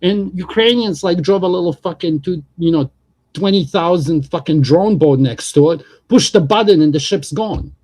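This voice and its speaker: A man's voice: high voice, normal speed, darkish tone. A man hosting a livestream, talking politics in a casual, profane, rambling way.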